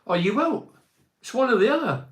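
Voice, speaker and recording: Emphatic football pundit in an echoey room. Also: male voice, extremely high pitch, very animated, brisk, fairly bright tone. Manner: emphatic and rhetorical, piles up repeated phrases. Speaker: football podcast host. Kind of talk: opinionated football chat, reading out listener comments.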